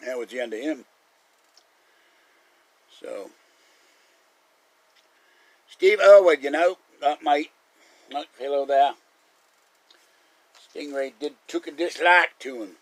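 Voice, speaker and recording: A man's voice: fairly high pitch, expressive, a little slow, pauses often, a bit bright, dry recording, rough recording. A man hosting a live stream, rambling through casual stories and chuckling often. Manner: chatty storyteller, chuckles often.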